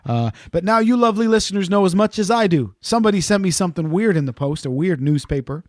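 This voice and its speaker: High-voiced chatty man hosting. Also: expressive, fast talker, a little mellow, no echo, studio quality. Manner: chatty, playful, leads the conversation. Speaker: podcast co-host. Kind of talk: casual podcast chat.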